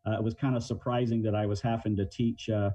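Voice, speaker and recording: A middle-aged man who trains negotiators answers interview questions about communication in plain terms, drawing on everyday examples. His voice is low, warm and dark, quick-paced with little pitch movement. The sound is muffled and lo-fi like a remote line, but without echo.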